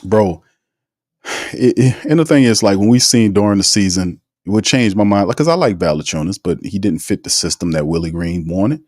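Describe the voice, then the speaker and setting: A man's voice: on the low side, animated, normal speed, darkish tone, dry recording, studio quality. A man hosting a casual sports podcast, talking in an emphatic, slangy, teasing way and reading out live chat comments. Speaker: podcast host.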